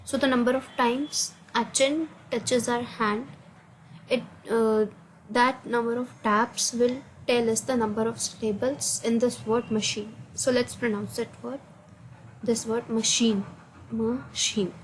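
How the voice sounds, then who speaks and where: A woman with an Indian English accent and a somewhat high voice explains test answers step by step. She hesitates often and fills the gaps with "uh". A faint hiss sits under the recording. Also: fairly even intonation, measured pace, rough recording. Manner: hesitant, many uh fillers, non-native grammar. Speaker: student explaining assignment answers. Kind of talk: screen-recorded answer walkthrough.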